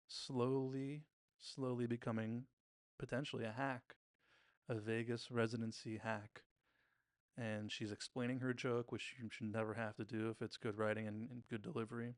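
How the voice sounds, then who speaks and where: Male podcast host, gravelly voice, chatty TV-recap delivery, dry close mic. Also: medium pitch, no echo. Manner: chatty, retells scenes by briefly mimicking characters' lines. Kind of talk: casual episode recap commentary.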